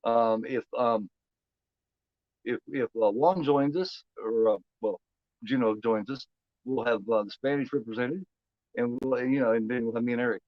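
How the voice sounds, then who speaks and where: In a medium-pitched voice at normal speed, this Indiana man with a Midwestern American accent hosts a casual movie watch-along stream, wandering off topic and repeating himself. The audio is dull but has no echo.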